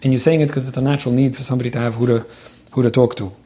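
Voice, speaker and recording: A man giving spoken advice on relationships, stuttering over his sentence starts and filling pauses with "um". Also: mid-range voice, steady tone, warm tone. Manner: rapid, repeats words when starting sentences, lots of "um". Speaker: advice speaker answering a listener's question. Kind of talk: advice talk.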